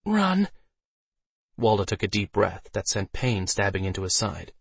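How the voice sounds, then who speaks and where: A man narrating a fantasy audiobook with steady storytelling delivery. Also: sits low, fairly quick, vocal fry, husky, no echo.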